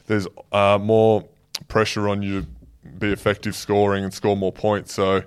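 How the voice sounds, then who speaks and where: Aussie guy with a low smooth voice, pretty flat, chill answers on a podcast. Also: normal speed. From Australia. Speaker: professional basketball player guest. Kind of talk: casual chat.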